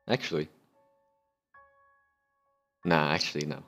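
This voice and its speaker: A man with a deep voice gives excitable, joking commentary while he plays a game. He laughs often and gets loud in his outbursts. Faint music plays behind him. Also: takes it slowly, pauses often. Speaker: gaming YouTuber. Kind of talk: let's play commentary.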